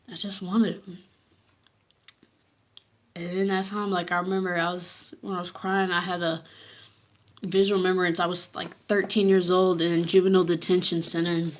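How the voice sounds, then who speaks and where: A woman tells her personal faith story in a casual, earnest way, reading from her journal as she goes. Her voice sits a little low, and her speech is halting, full of restarts and fillers. At moments she drops to a hush. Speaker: vlogger sharing her faith testimony.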